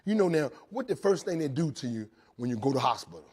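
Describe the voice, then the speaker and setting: A man telling his recovery story to a live audience in a jail, animated, swinging between loud and quiet and often checking in with "right?". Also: medium pitch, fast talker, breathy edge. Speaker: recovery speaker. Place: jail, indoors.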